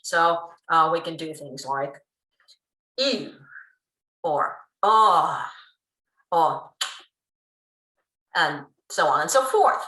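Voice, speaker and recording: A woman giving a pre-recorded linguistics lecture, explaining in a lively way with frequent ums. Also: low voice, measured pace, hardly any pauses. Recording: roomy room sound.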